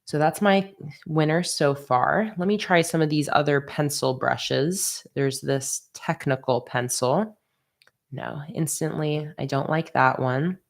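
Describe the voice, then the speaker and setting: A woman with a low voice and vocal fry livestreams while designing stickers, speaking unhurriedly. She chats casually as she draws, reading viewer comments aloud and laughing easily.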